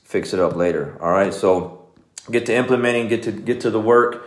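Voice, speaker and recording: Deep-voiced man, echoey room. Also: brisk. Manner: loose and conversational, full of "man" and "you know". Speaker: jiu-jitsu coach. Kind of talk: casual motivational talk.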